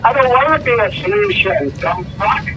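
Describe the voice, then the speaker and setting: A man's voice: high voice, lively intonation, normal speed, pushed and bright, soft background music. A man in a heated argument, firing back crude, sneering comebacks. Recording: noisy recording.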